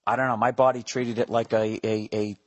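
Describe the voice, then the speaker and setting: A man in his forties hosting a podcast, telling a profane comedic story solo, acting out voices in animated asides. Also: medium pitch, fairly quick, dull audio. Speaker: podcast host.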